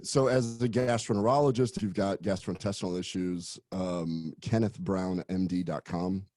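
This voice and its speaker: Male doctor guest, very low and mellow, friendly and unhurried. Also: steady tone. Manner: friendly, easygoing, many fillers. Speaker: gastroenterologist guest. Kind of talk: casual interview chat.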